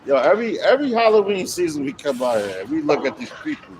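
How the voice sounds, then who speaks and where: A man's voice: on the high side, big pitch swings, quick pace, a little mellow. A man street preaching in loose, slangy talk, cursing as he explains scripture outdoors. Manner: slangy, swearing, loose and conversational. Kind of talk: street preaching with casual commentary. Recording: noisy street with traffic. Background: traffic noise.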